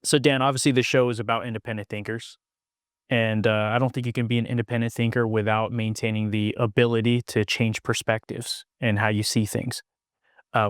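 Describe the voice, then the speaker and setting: A man's voice: medium pitch, no room sound, clean studio sound. A man hosting a podcast interview, asking questions and reacting attentively. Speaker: podcast host.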